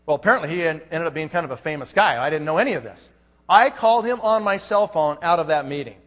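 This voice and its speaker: A man's voice: on the high side, lively intonation, fast talker, fairly bright tone. A man speaking at a business conference, telling a story from the stage and acting out both sides of his phone calls. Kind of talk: motivational conference talk. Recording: long hall reverb.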